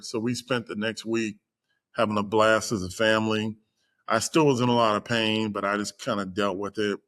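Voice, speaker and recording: A middle-aged man with a fairly low voice recounts a personal story as a podcast guest. He talks casually with many ums and uhs and animates the lines of the people he quotes. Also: moderate pace. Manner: animated retelling, acts out quoted voices, frequent fillers. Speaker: guest executive.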